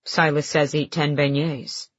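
A playful young man issuing deadpan orders as part of a game, put on by a female audiobook narrator. The delivery is stoic and low-set. The recording is muffled and dry. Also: measured pace, dry recording. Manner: stoic, flat commands.

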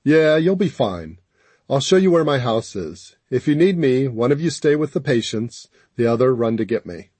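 Man voicing a calm country doctor. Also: mid-range voice, moderate pace, slightly rough, no room sound. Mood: matter-of-fact. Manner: calm, matter-of-fact. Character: practical, overworked middle-aged male country doctor.

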